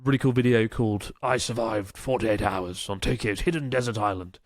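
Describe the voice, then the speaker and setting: A man's voice: lowish voice, fairly quick, no echo, studio quality. A man co-hosting a casual podcast, reading out listener emails and chatting enthusiastically, swearing casually now and then.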